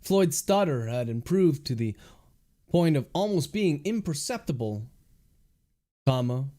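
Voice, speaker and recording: A man's voice: on the high side, expressive, measured pace, warm tone. Man dictating prose with spoken punctuation. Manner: reads out punctuation marks word by word. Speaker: author. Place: livestream.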